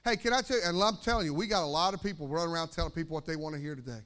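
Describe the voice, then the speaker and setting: A man preaching a sermon as pastor, energetic, repeating phrases and calling for amens. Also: a little high, very fast.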